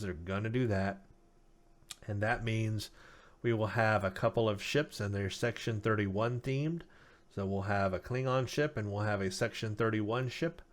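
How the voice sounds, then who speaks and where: A man with a lowish voice hosts a casual gaming news update. He sounds tired and worn from a long session, as if his voice is going. He talks loosely with frequent ums and uhs while reading out lists of stats. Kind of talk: casual game news commentary.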